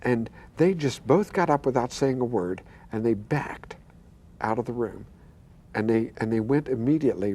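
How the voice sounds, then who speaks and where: Older pastor guy telling his story, mellow and kinda breathy, repeats himself. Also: medium pitch, measured pace. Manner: earnest storyteller who quotes voices and stammers. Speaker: pastor and guest. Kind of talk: telling a personal testimony.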